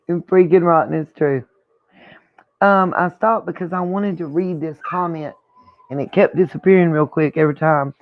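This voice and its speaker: A woman's voice: deep voice, moderate pace, pauses often. A woman hosting a reaction channel, chatting in a casual, opinionated way and thinking aloud as she comments on a clip. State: hiccuping. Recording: dull lo-fi sound.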